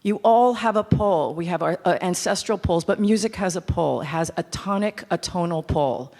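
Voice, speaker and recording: A woman in her fifties, a composer teaching a master class to a live audience, animated, candid and self-mocking. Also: on the low side, a little fast. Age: 50s. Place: large hall with audience. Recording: echoey hall with instrument.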